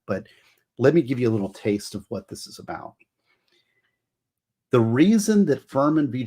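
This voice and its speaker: A man's voice: mid-range voice, a little mellow, slightly rough. A middle-aged man hosting a casual livestream, rambling and emotional as he explains law. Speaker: livestream host.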